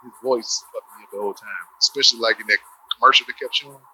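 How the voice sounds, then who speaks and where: A man chatting casually about movies, swearing freely and telling animated stories. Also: mid-range voice, racing, slight background noise, rough recording. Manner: profane, animated, laughing storyteller. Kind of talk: casual chat.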